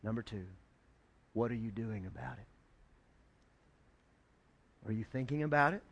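A male pastor preaching a sermon, emphatic and joking, building up to shouted lines. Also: mid-range voice, measured pace, gravelly, dull audio.

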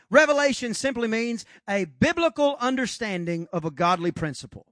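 A middle-aged man preaching a sermon in church, swinging between loud rises and quiet drops and acting out God's voice. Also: very high-pitched, no room sound, studio quality. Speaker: pastor.

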